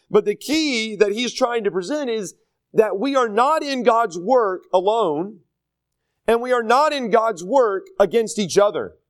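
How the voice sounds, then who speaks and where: A man with a high voice for his sex teaches through a Bible passage in a relaxed, conversational way. He talks earnestly and plainly, with frequent fillers and restarts as he works his points out. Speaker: pastor teaching a Bible study.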